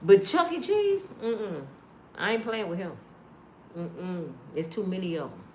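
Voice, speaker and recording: A woman in her fifties ranting casually to her viewers, blunt and profane, telling animated stories, recorded in an echoey room. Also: on the low side, a little slow, a little hiss or hum. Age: 50s. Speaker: online commentator.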